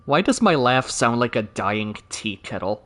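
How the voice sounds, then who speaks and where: A man's voice: mid-range voice, sing-song, measured pace, a bit bright. A man streaming a video game, joking sarcastically and chatting with viewers. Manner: joking, sarcastic, talks to chat. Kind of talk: casual game commentary.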